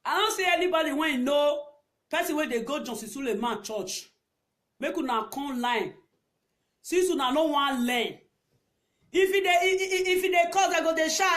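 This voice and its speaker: A woman with a Nigerian accent delivers a heated rant in a very high voice. She scolds, repeats her points over and over, and breaks into shouts and laughter. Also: expressive, moderate pace. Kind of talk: angry ranting commentary.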